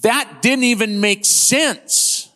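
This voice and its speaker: A man in his fifties preaching a sermon as pastor, impassioned, swinging between loud and hushed delivery. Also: very high voice, takes it slowly. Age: 50s. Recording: long hall reverb.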